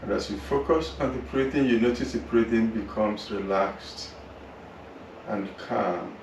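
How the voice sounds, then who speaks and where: In a yoga class room, a man with a voice on the low side leads a slow relaxation through the body, then breathing practice. His guidance is soothing and drawn out, picked up by a distant mic in a roomy space with faint noise.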